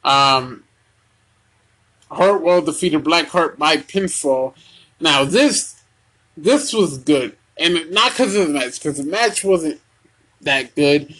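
Young male podcast host, unhurried and hesitant, fairly high husky voice. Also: animated, a bit bright. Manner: slow, halting, many ums and restarts. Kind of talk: casual wrestling recap.

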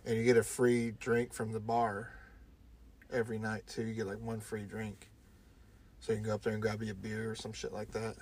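A man's voice: on the low side, completely flat delivery, fairly quick, a little mellow, slight background noise. A man in his thirties, a podcast co-host, telling a casual story and swearing often. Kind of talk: casual chat.

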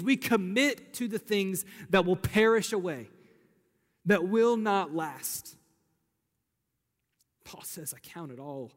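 A young pastor delivers his sermon with earnest, conversational warmth, circling back on key phrases. His voice sits a little high for a man. The sound carries a long reverb tail, like a large sanctuary. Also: slow pace, long pauses. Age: young adult. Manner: earnest, conversational preaching with repetitions. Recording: hall reverb.

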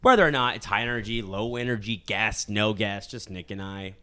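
A man's voice: lowish voice, a little fast, pushed and bright, clear, resonant tone. A young man co-hosting a casual podcast, rambling and swearing, joking about being bitter. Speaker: podcast co-host. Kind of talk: casual chat. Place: San Diego.

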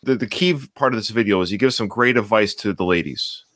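A man's voice: fairly low pitch, quick pace, fairly bright tone, no echo. A man hosting a movie podcast, chatting casually and teasing, laughing often. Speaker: podcast host.

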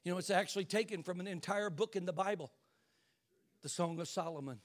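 An older man preaching an impassioned sermon as a bishop, dropping to hushed asides and rising to shouts. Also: high-pitched, a little fast.

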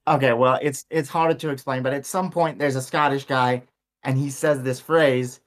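Male conversational partner, mid pitch, reflective, thinks aloud while explaining. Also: fairly even intonation, moderate pace. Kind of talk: casual conversation.

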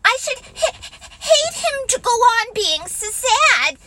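A woman's voice: extremely high pitch, very animated, takes it slowly, heavy background noise, pitched above the performer's own voice, heavily acted. A woman voicing a timid, nervous little piglet who stammers, in a storybook reading. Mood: reproachful. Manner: stammering, anxious.

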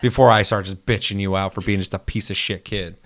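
A man's voice: deep voice, steady tone, fairly quick, fairly bright tone. A man voicing a game company as a fed-up man who swears at its fans. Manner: exasperated, swearing.

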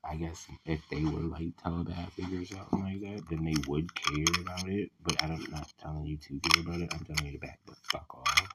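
A man ranting in a casual voice message, venting with heavy profanity and many fillers, getting loud and heated at times. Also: rumbling low, steady tone, fairly quick, few pauses, heavy background noise. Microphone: voice message recording.

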